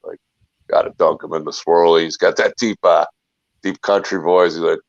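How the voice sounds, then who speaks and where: Low, gravelly man chatting loosely. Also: steady tone, normal speed, no echo. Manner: rambling, talkative, full of restarts. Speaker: guest, filmmaker and YouTuber. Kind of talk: casual chat. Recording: dull lo-fi sound.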